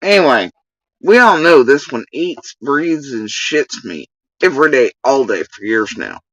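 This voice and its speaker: A woman's voice: extremely low pitch, sing-song, measured pace, fairly bright tone, husky, no echo, far from the mic, rough recording. A woman ranting heatedly on a livestream, swearing often as she vents. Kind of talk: livestream rant.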